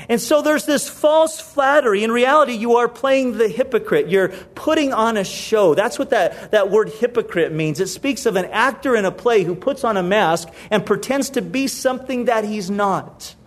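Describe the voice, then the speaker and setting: Male pastor, high voice, conversational sermon that repeats key phrases. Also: lively intonation, moderate pace.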